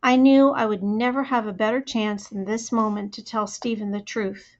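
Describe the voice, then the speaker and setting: A woman narrating a first-person audiobook in a plain, steady storytelling manner, on a dull lo-fi recording. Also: mid-range voice, normal speed.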